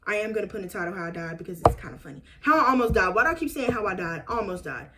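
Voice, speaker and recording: A woman's voice: mid-range voice, animated, racing, heavy background noise. A woman vlogger in a casual story time, chatty and dramatic as she talks straight to her viewers.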